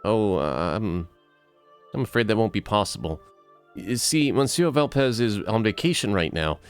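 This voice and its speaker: A man's voice: lowish voice, animated, moderate pace, clean tone, faint music behind. A man voicing an apologetic, hesitant male bird office clerk.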